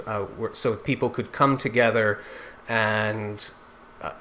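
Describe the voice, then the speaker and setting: A man's voice: mid-range voice, a bit bright, a little hiss or hum. A man teaching singers in an informal lecture, explaining step by step in a conversational way. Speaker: singing teacher.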